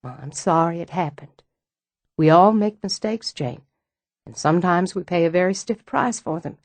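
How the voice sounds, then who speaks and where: A woman voicing a brisk, kind mature woman in an audiobook, firm and comforting. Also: lowish voice, lively intonation, a little mellow, no echo.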